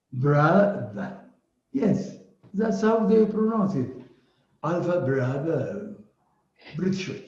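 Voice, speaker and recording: A man's voice: on the high side, mellow. A man teaching aviation radio in a classroom, switching between English and Amharic and drawing words out to show how they are said. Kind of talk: classroom lecture. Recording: echoey dull classroom recording.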